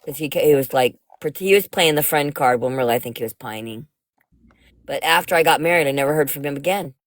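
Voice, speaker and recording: A woman's voice: deep voice, fast talker, no room sound, clean studio sound. A middle-aged woman hosting a casual livestream chat, telling stories frankly with casual swearing. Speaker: livestream host.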